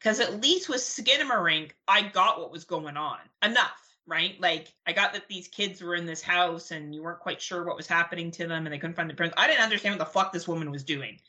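A young adult woman co-hosting a podcast in casual chat, blunt, profane and animated as she rants. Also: fairly low pitch, a little fast, few pauses. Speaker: podcast co-host.

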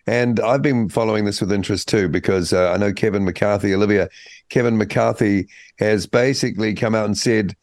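A man's voice: lowish voice, steady tone, brisk, darkish tone, no room sound. A man hosting a political panel, making wry remarks and steering the talk. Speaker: show host. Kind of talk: casual panel discussion.

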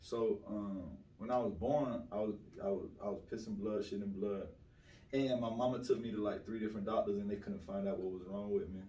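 A man's voice: on the low side, a little fast, mellow. A young man from South Florida, a guest telling stories in a slangy, swaggering casual interview. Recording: roomy, distant mic with faint ambience.

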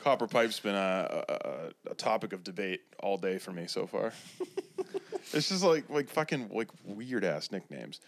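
A young man co-hosts a casual podcast, full of joking, profane banter. His pitch moves around a lot as he talks. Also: lively intonation, normal speed, gravelly.

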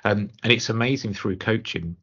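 A man's voice: fairly low pitch, normal speed, a bit bright, husky. A man hosting a podcast, musing reflectively and ending thoughts with tag questions. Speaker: podcast host. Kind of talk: conversational podcast interview. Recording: dull lo-fi podcast audio.

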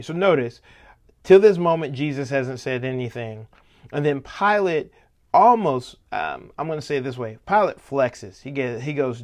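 A man preaching a sermon, reading scripture verse by verse and then explaining it in lively paraphrase. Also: medium pitch, moderate pace.

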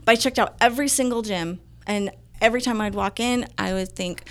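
A woman's voice: mid-range voice, brisk, few pauses. A woman guest casually telling a personal story, acting out the dialogue she quotes. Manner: animated, acts out quoted dialogue. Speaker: interview guest.

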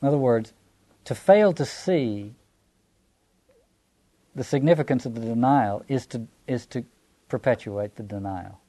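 Mellow-voiced Southern man lecturing. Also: medium pitch, unhurried, long pauses. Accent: Southern American. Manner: thoughtful, restarting phrases, rhetorical questions. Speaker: lecturer on scripture. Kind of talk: reflective lecture.

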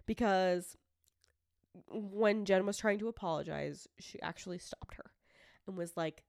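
A woman co-hosting a true crime podcast, talking fast and heatedly, swearing often and acting out what people said. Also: mid-range voice, gravelly, darkish tone, clear, resonant tone, no echo, clean studio sound. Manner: heated, swears a lot, acts out quotes. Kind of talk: casual chat.

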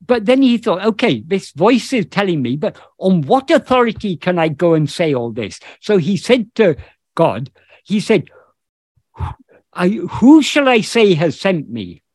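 High, lively-voiced man explaining scripture. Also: a little slow, husky, no echo, clean studio sound. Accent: British English. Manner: thoughtful, searching for words with many restarts. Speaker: spiritual teacher. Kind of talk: explaining scripture in an online meeting. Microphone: video call.

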